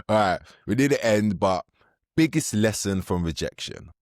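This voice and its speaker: A man with a very deep voice hosts a relaxed interview, his pitch swinging widely as he asks questions. He backs his guest up with frequent short replies, and the sound is dry and close-miked. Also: a little slow, no echo. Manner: encouraging, lots of short backchannel replies. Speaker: podcast host. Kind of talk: casual interview.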